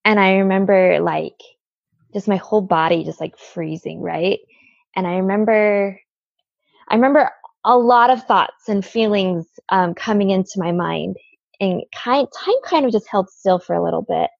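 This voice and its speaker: A woman's voice: medium pitch, moderate pace, gravelly, dry recording. A woman in her thirties, a podcast guest, earnestly telling a personal story and often checking in with "right?". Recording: dull lo-fi dry audio.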